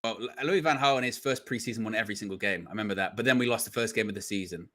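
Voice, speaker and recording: A man's voice: on the low side, very fast, fairly bright tone. A man hosting a football fan live stream, chatting casually, thinking aloud and hedging his points. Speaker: host of a football fan show.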